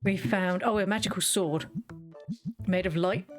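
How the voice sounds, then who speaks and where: A woman's voice: medium pitch, fairly even intonation, measured pace, faint music behind. A woman chatting casually while streaming a game, rambling and self-interrupting with playful asides. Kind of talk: casual gameplay chat.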